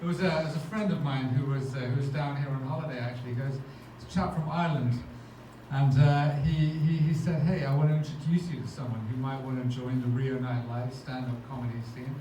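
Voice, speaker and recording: A man's voice: medium pitch, fairly even intonation, brisk, hardly any pauses, dark tone, recorded from a distance. Rambling man hosting a comedy night in an echoey club. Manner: rambling, self-mocking storytelling. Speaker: comedy show host. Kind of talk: stand-up hosting. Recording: very echoey club, noisy audience ambience.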